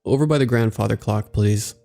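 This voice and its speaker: A man's voice: fairly low pitch, brisk, gravelly, mellow, soft background music. A man voicing a polite, well-spoken young newcomer among the movers. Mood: curious. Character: well-spoken young male new hire.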